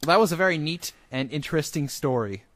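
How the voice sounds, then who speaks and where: A man's voice: on the high side, expressive, a little fast, dry recording. A young man co-hosting a podcast, chatting casually with wry remarks and swearing. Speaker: podcast co-host. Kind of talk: casual chat.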